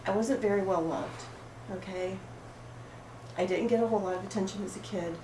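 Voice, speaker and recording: An actress playing an oversensitive, apologetic woman at a support group, rambling through an improvised monologue in a rough, emotionally raw way. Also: mid-range voice, fairly even intonation, fairly quick, natural voice. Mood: wounded. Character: oversensitive, apologetic woman pouring out her woes. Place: roomy studio space. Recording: echoey room, far mic, background noise.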